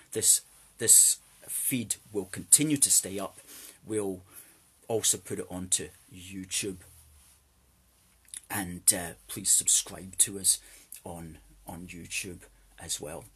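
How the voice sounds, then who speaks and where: Scottish guy hosting a live political show, lowish husky voice, emphatic, says things twice. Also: bright, forceful tone. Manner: emphatic, repeats phrases for stress. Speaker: host. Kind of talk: live-streamed political talk.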